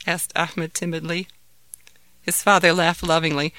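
A woman narrating a children's bedtime story in a calm, gentle way. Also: fairly low pitch, normal speed, vocal fry, no room sound.

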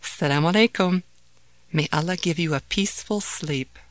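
A woman voicing a gentle mother soothing her son, soft and reassuring. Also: fairly low pitch, brisk, dry recording, close to an everyday voice.

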